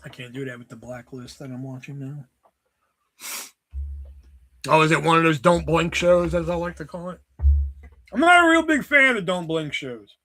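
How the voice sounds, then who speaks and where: A man in his thirties hosting a casual livestream, rambling and swearing as he tells animated stories. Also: fairly high pitch, normal speed, long pauses, soft background music. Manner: rambling, profane, animated storytelling. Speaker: livestream host.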